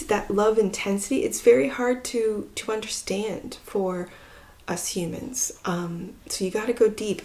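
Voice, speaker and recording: A woman giving a pick-a-card tarot reading, talking in a musing way, with phrases that trail off softly. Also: mid-range voice. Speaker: tarot reader.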